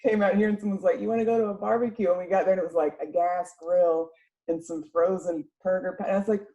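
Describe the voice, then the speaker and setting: Southern woman, mellow laid-back host. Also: on the low side, fast, highs cut off. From North Florida. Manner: laughing, lively storyteller. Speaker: podcast host. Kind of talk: casual chat.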